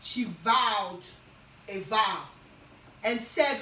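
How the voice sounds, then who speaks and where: Slow, high-voiced woman preaching in an echoey room. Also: animated, pushed and bright, distant mic. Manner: slow, emphatic, with repetitions and restarts. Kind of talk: Bible teaching sermon.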